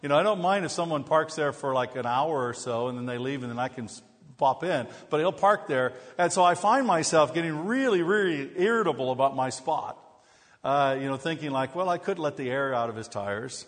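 Pastor guy, kinda high voice, cracking jokes in a sermon, big echoey hall. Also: expressive, a little fast. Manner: humorous storytelling with self-deprecating jokes. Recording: long hall reverb.

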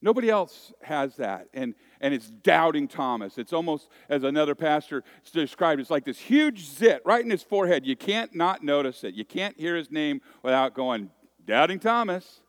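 A man's voice: fairly high pitch, very animated, moderate pace, hardly any pauses, dry recording. A man in his forties preaching a conversational sermon, joking and self-deprecating as he tells stories. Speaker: pastor.

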